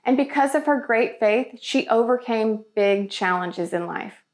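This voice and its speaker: A woman's voice: fairly high pitch, expressive, unhurried. A woman hosting a children's church video, talking in an upbeat, enthusiastic way. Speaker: children's ministry host.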